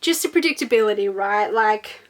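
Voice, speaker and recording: A woman's voice: mid-range voice, animated, normal speed. A young woman giving a casual, sarcastic book review, exasperated and swearing freely while reading quotes mockingly.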